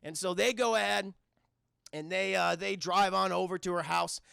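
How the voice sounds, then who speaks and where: A man's voice: high voice, steady tone, moderate pace, gravelly, bright, forceful tone, clean tone, no echo, studio quality. Profane rambling male streamer. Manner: rambling, profane, talks to chat. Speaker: streamer reviewing a film. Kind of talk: casual live-stream retelling.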